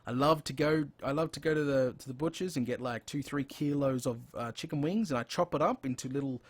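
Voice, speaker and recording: A man's voice: medium pitch, a little fast. An Australian man hosting a casual gaming live stream, chatty and rambling, with frequent exclamations as he plays. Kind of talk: casual live-stream chat while playing.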